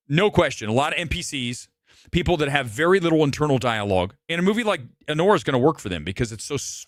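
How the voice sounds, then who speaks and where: Male movie show host with a slightly hoarse, higher-pitched voice, dry close mic, ranting profanely. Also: fairly bright tone, dry recording. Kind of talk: live show, ranting opinion.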